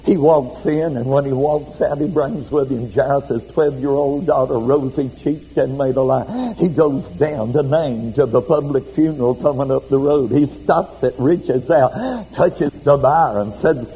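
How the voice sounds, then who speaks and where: A male preacher delivering a fervent sermon with rhythmic, repeated phrases, swinging between loud proclamation and hushed emphasis. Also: mid-range voice, measured pace, slightly rough, big-room sound, rough recording.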